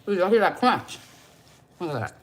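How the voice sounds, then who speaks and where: A woman hosting a home cooking video, chatting warmly with viewers and calling them y'all and baby. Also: fairly low pitch, very animated, moderate pace. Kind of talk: casual cooking demonstration to viewers.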